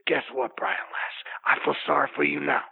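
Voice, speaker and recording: Man doing a raspy boasting wrestler persona. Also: a little high, animated, moderate pace, phone-quality sound, voice pushed down, heavily acted. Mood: boastful. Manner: bellowing promo-style rant, threatening and grandiose. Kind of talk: comedic wrestling promo parody.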